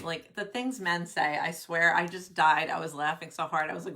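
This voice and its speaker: A woman's voice: lowish voice, brisk, sharp tone. A middle-aged woman coaching careers on a casual live stream, bubbly and chatty, greeting viewers by name. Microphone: webcam at desk.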